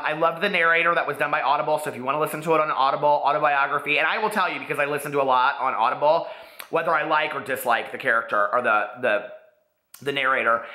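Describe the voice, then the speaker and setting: A man in his thirties talks casually about books, gushing, with constant "like"s. His voice is very bright and a little high. The room around him has a noticeable echo. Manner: chatty, gushing, many "like"s. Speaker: booktube host. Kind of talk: casual book review vlog. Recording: echoey room.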